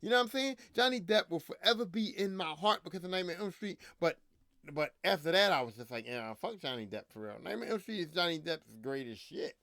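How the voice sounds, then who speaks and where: A man's voice: sits high, animated, fast, bright, forceful tone, no room sound. A man hosting a podcast, ranting in casual, profane, slangy talk, repeating himself, a little drunk. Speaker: podcast host.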